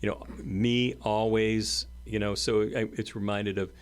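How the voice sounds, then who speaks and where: Deep-voiced man explaining earnestly on a podcast. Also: flat delivery, unhurried, smooth. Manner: explanatory, earnest, restarts phrases often. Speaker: podcast co-host. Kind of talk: casual conversational podcast.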